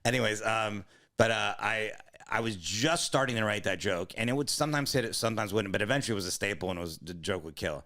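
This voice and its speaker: A man's voice: on the low side, lively intonation, pushed and bright. A man co-hosting a comedy podcast, telling long rambling profane stories in casual chat. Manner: rambling, profane, quick storytelling.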